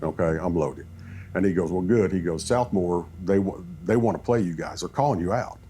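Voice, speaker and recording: A man who coaches football, telling animated stories in a podcast chat and acting out what people said. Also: low-pitched, fairly quick, a little hiss or hum. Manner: animated storyteller, acts out quoted talk.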